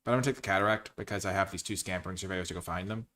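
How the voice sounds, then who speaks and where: A man's voice: deep voice, very fast, bright, forceful tone, slight background noise. A man giving casual commentary as he drafts cards, thinking aloud and weighing his choices. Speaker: card game streamer.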